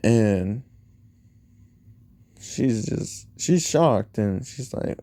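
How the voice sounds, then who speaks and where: A man spins a fan-made story in an unhurried, rambling way, repeating each character's lines in his own voice. His tone is deep-set and mellow, close to the mic in a dead, dry room. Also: animated, no echo. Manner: rambling, retells dialogue with 'he's like' and 'you know'. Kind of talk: casual fan-fiction storytelling.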